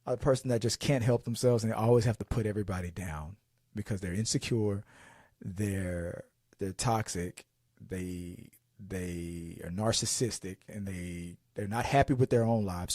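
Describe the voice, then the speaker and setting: A man's voice: lowish voice, moderate pace, darkish tone, dry recording, studio quality. A man hosting a podcast, chatting casually about movies, rambling and restarting his sentences and acting out scenes as he goes. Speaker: podcast host.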